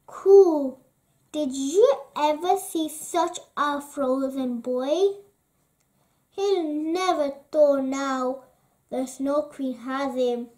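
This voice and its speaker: A woman's voice: high voice, dark tone. A woman voicing a flock of gossiping storybook pigeons who coo as they talk. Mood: gossipy. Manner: cooing, very slow.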